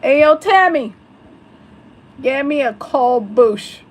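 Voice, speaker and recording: A woman doing a loud drawling hillbilly man. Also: high-pitched, lively intonation, takes it slowly, pitched above the performer's own voice, low-quality recording. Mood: bossy drawl. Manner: loud, mock twang.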